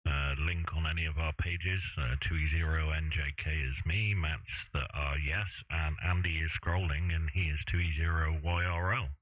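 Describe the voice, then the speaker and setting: Deep bloke cracking jokes on the ham radio, calls everyone mate, tinny hissy signal. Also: male voice, fairly even intonation, moderate pace, few pauses, dry recording. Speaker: ham radio operator, co-host. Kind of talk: casual banter over amateur radio. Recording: narrow radio transmission with static hiss.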